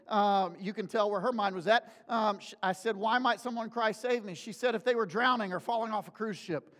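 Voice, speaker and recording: Male pastor, sermon delivery, animated storyteller, higher voice, big reverberant sanctuary. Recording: long hall reverb.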